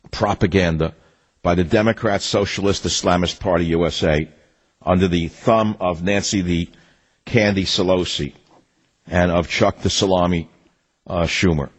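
A man's voice: sits low, breathy edge, poor audio. An older man hosting a political talk radio show, reading an ad and then ranting in a combative, mocking way.

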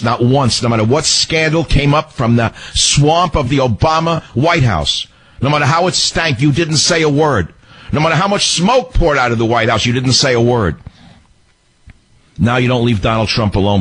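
A man's voice: medium pitch, expressive, normal speed, fairly bright tone, breathy edge, no room sound, rough recording. A man hosting a talk radio show, delivering a mocking, scolding political monologue.

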